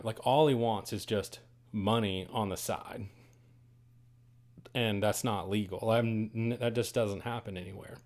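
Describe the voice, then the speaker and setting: A man hosting a podcast, telling a story in a casual, animated and dramatic way. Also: on the low side, measured pace. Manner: animated, dramatic, swings to loud bursts on quoted lines. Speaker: podcast host. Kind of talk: casual first-person storytelling.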